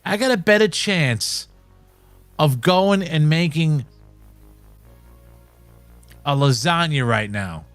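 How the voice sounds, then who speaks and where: Young male co-host, excitable, fairly high and very lively voice, calls everyone bro; faint music under him. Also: takes it slowly, long pauses, no room sound. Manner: excitable, says "bro" and "man" a lot. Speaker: podcast co-host. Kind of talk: casual chat.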